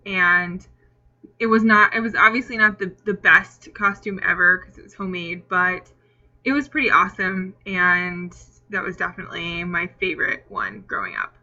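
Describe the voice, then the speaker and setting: A woman's voice: fairly low pitch, normal speed, pushed and bright, muffled recording. A young woman vlogger answering tag questions in a chatty, rambling way with lots of fillers, hiccuping now and then. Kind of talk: casual Q&A tag video.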